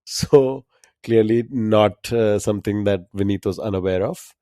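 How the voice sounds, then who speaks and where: Male trivia co-host, relaxed and chuckling, warm tone, dry close sound. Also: lowish voice, unhurried, no room sound. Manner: laughs often, easygoing. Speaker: podcast co-host. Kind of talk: casual trivia chat.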